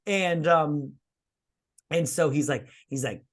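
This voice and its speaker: A man's voice: a little high, slow, a bit bright. A young man co-hosting a casual movie-review chat while drinking, telling a rambling story full of swearing and mimicked voices. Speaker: podcast co-host.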